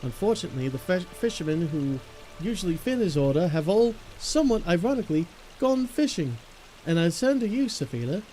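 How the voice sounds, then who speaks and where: A man's voice: sits high, big pitch swings, brisk, dark tone, faint music behind. A man voicing a polite, wordy fishmonger with a formal, mannered delivery during a live-streamed game. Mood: courteous.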